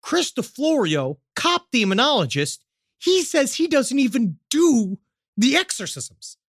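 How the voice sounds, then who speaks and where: A man's voice: very high-pitched, big pitch swings, unhurried, fairly bright tone, no room sound, studio quality. A man co-hosting a comedy podcast, reading news quotes aloud and mocking them in put-on voices. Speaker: podcast co-host. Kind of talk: casual comedic chat.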